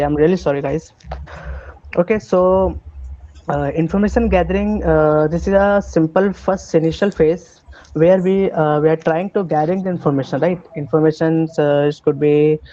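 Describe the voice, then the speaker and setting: A man with an Indian English accent lectures an online cybersecurity class, his voice a little high and mellow. He talks in halting bursts, full of fillers and restarts, and the call audio sounds muffled. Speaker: cybersecurity instructor.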